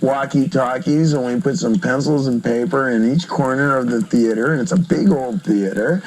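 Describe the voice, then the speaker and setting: A man's voice: mid-range voice, moderate pace, rough recording. A man in a casual interview, telling stories with jokes and frequent laughter, from a vintage interview record. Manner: joking, animated storyteller who laughs often. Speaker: rock singer being interviewed.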